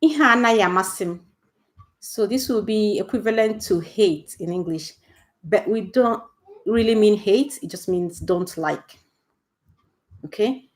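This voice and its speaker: A woman's voice: mid-range voice, unhurried, pauses often. A woman teaching a casual live video language lesson. She moves between Igbo phrases and English explanations and keeps checking in with the listener.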